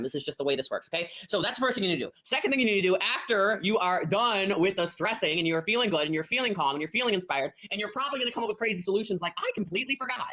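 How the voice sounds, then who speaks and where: Fast-talking female sales coach, emphatic, slips into mock voices. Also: fairly low pitch, fairly bright tone. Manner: rapid, emphatic, acts out quoted voices. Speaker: network marketing coach. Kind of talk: live coaching call advice.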